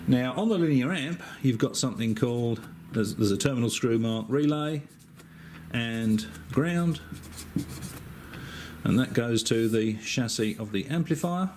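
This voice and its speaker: A middle-aged man with an Australian accent, an amateur radio operator, talking through a wiring diagram in a relaxed, chatty way, with frequent hesitations and dry asides. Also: medium pitch, unhurried, slight background noise. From Western Australia. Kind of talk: casual technical explanation.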